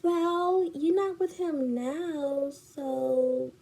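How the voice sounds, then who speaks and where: A falsely sweet, two-faced young woman, as a storyteller puts her on, her voice lifted high and soft. She draws her words out slowly in a sugary sing-song. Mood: smug.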